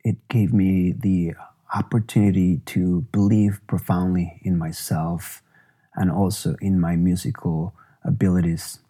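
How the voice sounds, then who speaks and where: A musician narrates his own memoir in a low, dark voice with a husky grain. He reads reflectively and at a measured pace, taking his time over every phrase.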